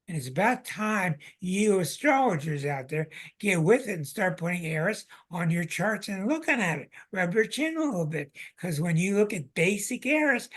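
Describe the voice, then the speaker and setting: Excitable, emphatic male astrology host. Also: high-pitched. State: out of breath. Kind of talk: live online talk to viewers.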